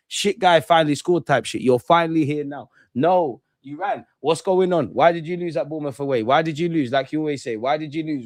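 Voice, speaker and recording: A man streaming a live football watchalong, talking in excitable, gloating banter full of slang. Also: a little high, no echo.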